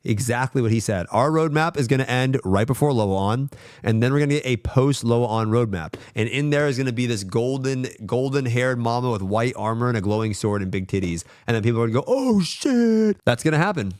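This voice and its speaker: A young man streaming, ranting casually and swearing a lot, swinging between grumbling and hyped excitement. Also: mid-range voice, fast, no echo, studio quality. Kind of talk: casual livestream rant.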